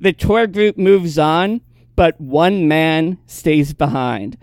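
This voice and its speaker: A woman's voice: sits low, slow pace, a little mellow, no echo, clean studio sound. A woman hosting a podcast, recapping an episode in casual chat and laughing often. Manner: narrates plot, laughs often.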